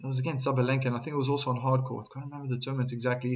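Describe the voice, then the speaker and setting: A man with a South African accent hosting a live tennis watchalong, chatting with viewers and breaking into excited calls on big points. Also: medium pitch, rapid-fire, hardly any pauses. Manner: chatty, reads viewer chat messages aloud between calls. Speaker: host and tennis commentator.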